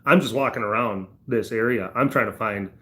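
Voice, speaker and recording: A man's voice: on the low side, brisk, a bit bright. A man livestreaming, telling a rambling anecdote full of fillers and restarts while chatting to his viewers. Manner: laughs through the story, voice jumps up for retold outbursts. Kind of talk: casual storytelling while reading chat.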